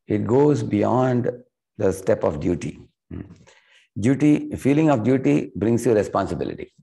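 A man's voice: lowish voice, vocal fry, warm tone. A middle-aged man from India with an Indian English accent, giving an earnest devotional lecture and telling stories. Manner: earnest storytelling, acts out quoted characters with rising emotion. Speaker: spiritual speaker.

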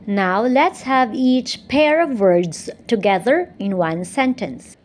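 Woman teaching grammar, reads really slow and careful, every syllable stressed. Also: medium pitch, expressive. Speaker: English teacher. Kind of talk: scripted grammar lesson.

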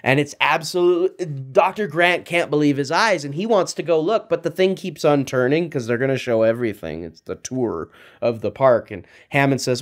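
Male kids' storyteller, animated, asks young listeners questions while retelling a story. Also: mid-range voice, normal speed. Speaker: children's storyteller. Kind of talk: retelling a film story for kids.

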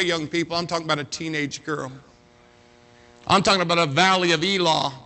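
A man pastor telling a story in a sermon, swinging from loud to hushed. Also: high voice. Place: church sanctuary.

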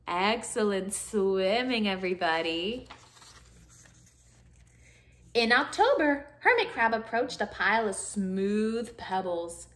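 A woman reading a picture book aloud to children, pausing to lead them in movements and cheering them on. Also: on the high side. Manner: animated, guiding children through movements. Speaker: children's storyteller.

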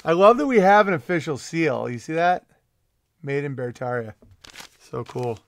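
A man's voice: fairly high pitch, animated, normal speed, creaky, slight background noise. A man chatting casually as a streamer, with offhand, amused commentary. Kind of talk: casual chat.

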